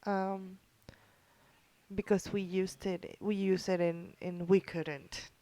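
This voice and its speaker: A woman guest in a casual podcast interview, talking earnestly with frequent pauses and fillers. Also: mid-range voice, level tone, mellow, no room sound. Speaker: guest, founder of a military spouse group.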